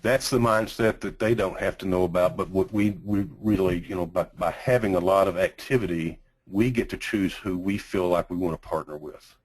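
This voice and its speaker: A man with a Texas accent teaching a sales training class, speaking slowly with deliberate pauses and emphasis. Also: deep voice, poor audio.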